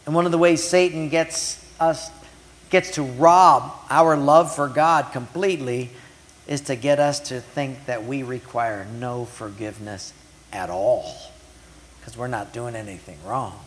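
Dramatic preacher man in a reverberant hall. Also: medium pitch. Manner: dramatic, swings between loud emphasis and soft hushed asides. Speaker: pastor. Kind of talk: sermon. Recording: long reverb of a large hall.

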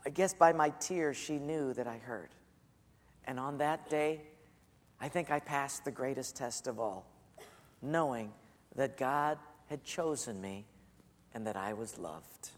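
A man preaching a sermon, telling a story and sometimes dropping to a soft hush for quoted words. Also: mid-range voice, unhurried, big-room sound. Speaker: pastor.

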